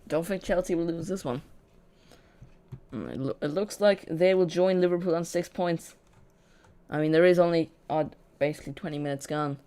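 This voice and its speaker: A host talks viewers through a live football match in a loose, unscripted, chatty way, often restarting sentences midway and correcting himself. His voice is middle-pitched and dark-toned at a moderate pace, with dry, sarcastic asides dropped between the match commentary.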